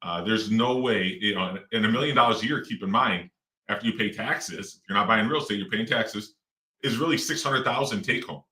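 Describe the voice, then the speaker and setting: A man's voice: lowish voice, brisk, pushed and bright. A middle-aged man, a real estate investor and guest, talking casually in a rambling way with lots of fillers and restarts. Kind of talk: casual interview talk. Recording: roomy echo, distant mic.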